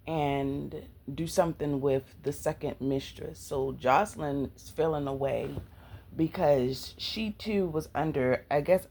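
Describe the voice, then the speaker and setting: A woman's voice: deep voice, darkish tone, a little hiss or hum, low-quality recording. A woman book vlogger in casual, chatty talk with sassy asides, at home. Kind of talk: casual chat.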